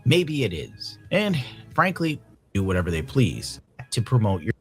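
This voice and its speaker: Brief: dry, sardonic male commentator, low register. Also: huge pitch swings, a little slow, soft background music. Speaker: video commentator. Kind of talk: scripted video commentary.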